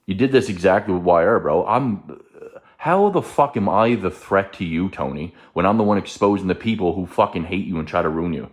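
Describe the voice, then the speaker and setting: Very low-voiced man, profane and accusing, ranting. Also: expressive, fairly quick. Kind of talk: angry rant in a played clip.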